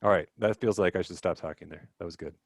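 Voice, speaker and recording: A man's voice: deep voice, fast, creaky. A young man leading a teacher workshop on a video call, talking casually with lots of fillers, self-deprecating asides and acted-out quotes.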